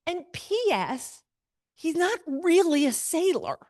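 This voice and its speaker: A woman's voice: extremely high pitch, very animated, slow, a little mellow, no room sound, studio quality. A woman teaching an adult church class on a novel. She talks animatedly, questions her students and pokes fun at wordy passages. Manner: mocks long-winded speech with playful asides. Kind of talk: literature class lecture.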